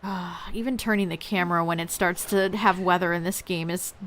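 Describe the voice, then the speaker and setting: A young woman live-streaming a game, chatting casually with her viewers, her voice going a little hoarse. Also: lowish voice, fairly even intonation, brisk, a bit bright. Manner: laid-back, chatty, talks to chat. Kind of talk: casual live-stream chat while gaming.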